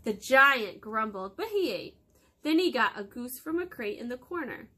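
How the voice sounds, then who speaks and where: Bright, lively storytime woman. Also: a little high, normal speed. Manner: lively, expressive read-aloud. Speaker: children's storytime host. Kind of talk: reading a storybook aloud to children.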